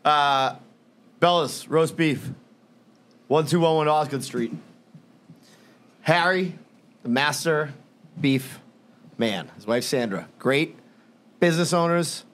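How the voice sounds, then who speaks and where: A man's voice: on the high side, slow pace, long pauses, fairly bright tone. A man, a podcast co-host from the Boston area, casually reading sponsor plugs and swearing bluntly. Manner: blunt, profane, laid-back.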